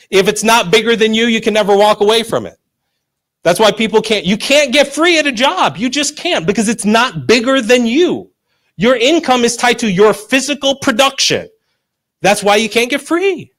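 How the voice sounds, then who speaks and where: A man presenting at a business seminar, giving an emphatic motivational pitch to a live audience. He repeats key phrases, quizzes the crowd and teases them into keeping up. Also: fairly bright tone. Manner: pushy and teasing, tells listeners to stop.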